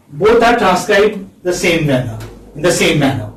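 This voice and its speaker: A man with an Indian accent teaching a phonetics class, repeating each word slowly and checking in with a questioning "hmm?". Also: sits high, very animated. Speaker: English literature lecturer. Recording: echoey room, distant mic, faint hiss.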